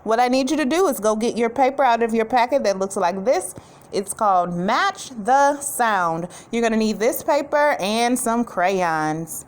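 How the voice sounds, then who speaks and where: A woman teacher giving a recorded lesson to young children, speaking clearly and patiently and drawing out letter sounds. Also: on the high side, lively intonation, unhurried.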